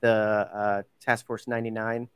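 A man hosts a relaxed podcast conversation, rambling with fillers and quick self-corrections. His voice is smooth and clear. The room is dry and close to the mic. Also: lowish voice, no echo. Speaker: podcast host. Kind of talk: casual podcast chat.

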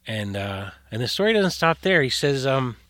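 A man's voice: mid-range voice, sing-song, normal speed, fairly bright tone, dry recording. A man telling eerie stories as a guest in casual talk, rambling with many fillers and restarts. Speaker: guest storyteller. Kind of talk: casual spoken storytelling.

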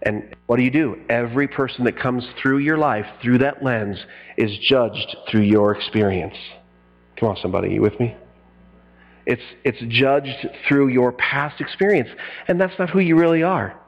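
Animated preaching man, lo-fi sound. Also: medium pitch, normal speed. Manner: animated preaching with acted-out quotes and sudden loud bursts. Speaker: pastor. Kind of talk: sermon.

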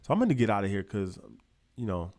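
A man's voice: on the low side, sing-song, fast talker, a little mellow. A man, running a finance vlog and lecturing his viewers in a preachy, emphatic way, repeating himself, swearing and using casual slang. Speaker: finance YouTuber. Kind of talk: fired-up motivational vlog talk.

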